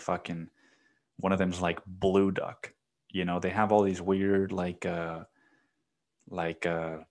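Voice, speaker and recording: A young man hosting a solo podcast, rambling casually and with a lot of swearing, saying "dude" constantly. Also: on the low side. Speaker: podcast host.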